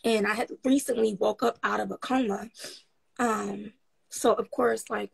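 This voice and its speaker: A woman guest telling her story in a casual interview, frank and upbeat, rambling with many pauses and ums. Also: medium pitch, steady tone, gravelly, slightly rough, poor audio.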